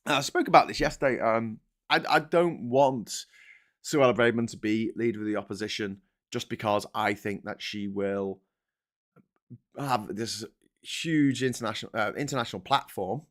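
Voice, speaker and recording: A man's voice: fairly low pitch, normal speed, fairly bright tone. A man hosting a casual, sarcastic and exasperated commentary on newspaper front pages. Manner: sarcastic and exasperated, breaking into laughter. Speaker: host.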